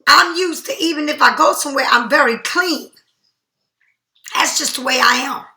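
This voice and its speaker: A woman giving a casual, chatty tarot reading in an animated, slangy way. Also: high voice, normal speed, reverberant. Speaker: tarot reader.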